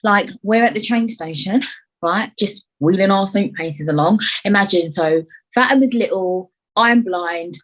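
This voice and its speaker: A woman's voice: medium pitch, a little slow, rough recording. A young woman hosting a solo podcast, chatting animatedly, swearing freely and slipping in and out of put-on voices. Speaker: podcast host. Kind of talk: casual solo podcast chat.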